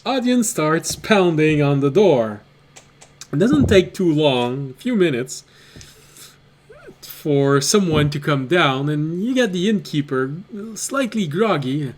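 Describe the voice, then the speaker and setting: Male game master, slow and hesitant narration, slightly high voice. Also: animated. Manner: unhurried, hesitant narration with fillers.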